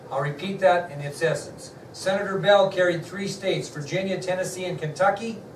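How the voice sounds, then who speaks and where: A middle-aged man teaching a class, chatting directly with his students as he recounts a story. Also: high-pitched. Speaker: history teacher. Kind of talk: classroom lecture with a personal story. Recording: echoey classroom from far off, noisy.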